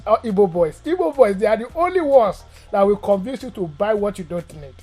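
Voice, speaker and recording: Nigerian guy mc on a podcast, lively joking, laughs a lot, bit of music behind. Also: high voice, fairly quick, few pauses. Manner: animated, joking, laughs often. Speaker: guest MC. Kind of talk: comic storytelling interview.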